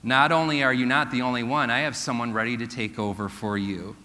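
An earnest male preacher with a bright, forceful voice. He drops to a slow hush for his key points. His sermon rings out with a long reverb from the church hall. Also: mid-range voice, fairly even intonation. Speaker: pastor.

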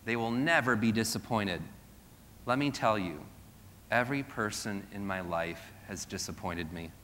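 A middle-aged male pastor preaches with a bright, forceful voice, mixing scripture with wry self-deprecating asides. He throws rhetorical questions at the congregation, and his words trail off in the long reverb of a church hall. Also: on the low side, normal speed, slight background noise. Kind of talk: sermon.

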